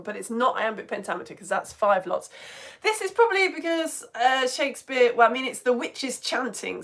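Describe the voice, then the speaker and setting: A woman from the UK teaching an online lesson in a chatty, animated way, often asking the listener questions. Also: on the high side.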